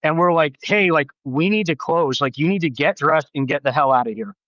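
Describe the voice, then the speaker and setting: Animated storytelling man with a fairly high voice. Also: brisk, dry recording, highs cut off. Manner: animated, acts out quoted voices with big pitch jumps. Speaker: podcast guest. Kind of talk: casual storytelling.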